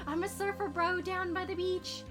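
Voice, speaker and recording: A woman's voice: extremely high pitch, measured pace. A young woman streaming a game live, bubbly and giggly, greeting chatters by name. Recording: stream with music behind.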